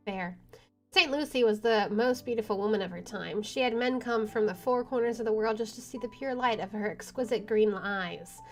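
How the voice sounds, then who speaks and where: A woman's voice: fairly high pitch, brisk, few pauses. A woman streamer reading a visual novel aloud, with wry asides and swearing. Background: game music.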